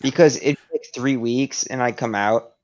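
A man's voice: mid-range voice, moderate pace, darkish tone. Profane ranting man, dull lo-fi sound. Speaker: podcast co-host. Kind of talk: casual podcast chat.

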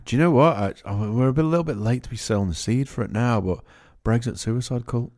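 A man's voice: mid-range voice, a little mellow. A man co-hosting a comedy podcast, swearing freely and laughing between jokes. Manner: swearing, quick to laugh, jokey. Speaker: podcast co-host. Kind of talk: crude casual banter.

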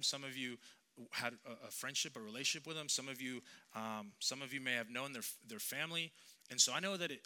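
A man who is a youth pastor tells a sermon story in an earnest, conversational, halting way. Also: medium pitch, pushed and bright.

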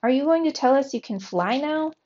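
A woman voicing a fussy, excitable grown male mouse who complains loudly in a shrill voice, heard on a dull lo-fi recording. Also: a little fast. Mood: outraged.

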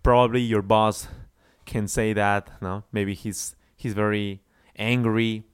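A man teaching English through a song, stretching out example phrases slowly so learners can repeat them. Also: on the low side, level tone, smooth, no room sound, clean studio sound. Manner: slow, drawn-out example phrases for repetition. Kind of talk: song-based English lesson.

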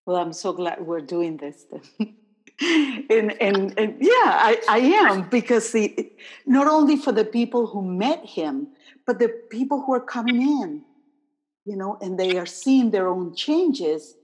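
A woman hosting an interview, talking in a halting way as she searches for words. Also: medium pitch, sing-song, husky. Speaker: podcast host. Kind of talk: casual conversation.

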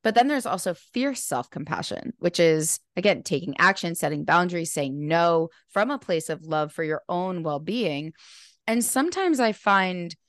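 A woman's voice: fairly low pitch, animated, normal speed, a bit bright, no room sound, clean studio sound. A woman speaking as a podcast guest and mindfulness teacher, talking earnestly and animatedly with many casual fillers. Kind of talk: casual conversational interview.

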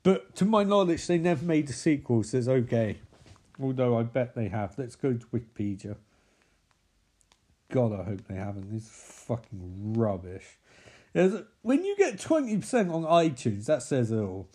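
A man's voice: mid-range voice, very animated, normal speed, mellow. Sweary sarcastic man. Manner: sweary, mocking, with exasperated sighs. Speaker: film reviewer. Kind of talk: sarcastic film recap commentary.

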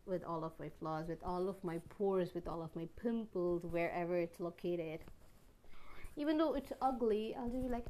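Young woman, personal vlog, earnest, rambling, restarts, sudden loud bursts. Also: fairly low pitch, moderate pace, gravelly, a little hiss or hum. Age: young adult. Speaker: vlogger. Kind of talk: personal reflective monologue.

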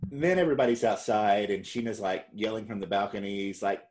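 A man's voice: lowish voice, a little fast, darkish tone. A man co-hosting a podcast, recapping a reality show in casual chat, rambling and correcting himself as he goes, laughing often. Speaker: podcast co-host.

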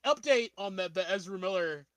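High-voiced guy hosting a podcast, super bouncy pitch, laughs a lot. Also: fairly quick, a crowd in the background. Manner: animated, laughs often. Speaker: podcast host. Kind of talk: casual chat.

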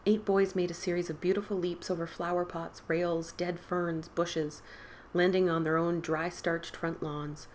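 A woman podcast host reading a spooky story aloud in an expressive storybook style, dropping to whispers and rising for the characters' cries. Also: lowish voice, measured pace, slight background noise. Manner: dramatic, drops to whispers and lifts for quoted boys' cries.

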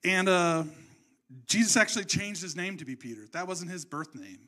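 A man preaching a sermon in an animated, conversational storytelling way. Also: high-pitched, normal speed. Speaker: pastor.

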